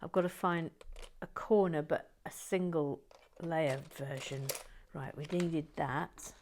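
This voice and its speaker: Woman vlogger, low-ish voice, unhurried soft chat while building, light clicks and faint hiss behind. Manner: soft-spoken, talks quietly to herself and viewers. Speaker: Lego building channel host.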